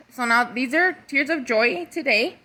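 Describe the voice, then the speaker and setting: A woman's voice: high-pitched, lively intonation, a little slow, bright, forceful tone. A woman giving a casual, emotional vlog update as a mother, swearing freely and talking straight to her viewers. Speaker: mother and vlogger.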